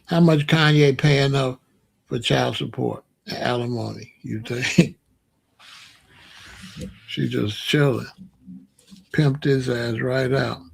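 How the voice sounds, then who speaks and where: A man's voice: medium pitch, takes it slowly, vocal fry, long pauses, breathy edge. A man hosting a casual commentary show, talking bluntly and joking, often laughing at his own points. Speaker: show host.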